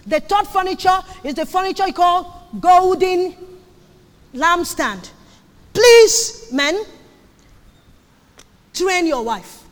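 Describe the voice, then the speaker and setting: A woman preaches with a very high voice, pressing her points by repeating them and now and then shouting. Her words ring out in a long reverb that fills a big hall. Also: lively intonation, takes it slowly, pauses often. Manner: emphatic, repeats phrases, sudden shouts. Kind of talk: sermon on marriage.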